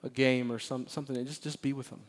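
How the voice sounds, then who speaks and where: A man preaching a sermon as pastor of a church, animated and emphatic, often repeating phrases and playfully acting out Bible characters. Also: medium pitch, fast. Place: church sanctuary.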